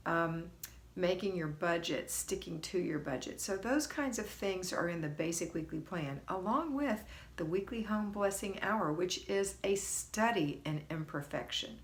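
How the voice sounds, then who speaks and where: A woman's voice: lowish voice, expressive, a little slow. A middle-aged woman hosting a homemaking livestream, greeting viewers by name and coaching in a chatty, folksy, encouraging way. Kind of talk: casual live coaching talk.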